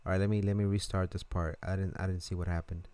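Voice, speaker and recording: A man's voice: deep voice, level tone, fast, a little mellow, clean tone, no echo. A man streaming and commenting on a game in a casual, reflective way, often restarting his sentences.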